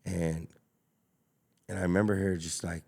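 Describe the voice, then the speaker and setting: This Los Angeles man, a taco business owner appearing as a podcast guest, speaks low and flat at a measured pace, with vocal fry and a slightly mellow quality. His casual storytelling is emphatic and slangy, packed with fillers and repeats.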